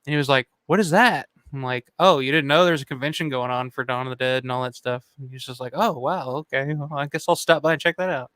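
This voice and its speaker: A man's voice: medium pitch, quick pace, hardly any pauses, fairly bright tone, clean tone, dry recording. A man hosting a casual chat show, telling a story in a loose, swearing way, laughing often and acting out what people said. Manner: swears freely, laughs often, acts out quotes. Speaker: channel host.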